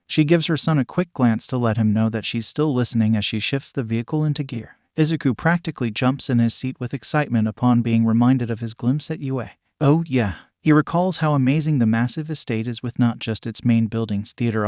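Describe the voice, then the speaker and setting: Male story narrator, even delivery, mid-pitched voice, dry close sound. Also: no room sound. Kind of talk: scripted fan-fiction narration.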